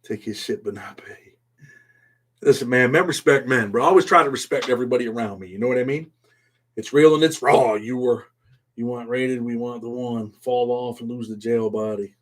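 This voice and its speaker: A middle-aged man hosting a casual live stream, reading chat and talking bluntly in street slang, dropping "man" after nearly every phrase. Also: moderate pace. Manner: swings from low mumbles to loud excited outbursts.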